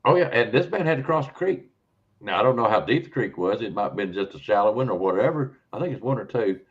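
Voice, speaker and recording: A male podcast host talks in a rambling, conversational way and often checks in with his listener. His voice is fairly low, and the recording sounds dull and lo-fi. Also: expressive, fast, breathy edge. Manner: rambling, repeats words, checks in with "okay?". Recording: dull lo-fi audio.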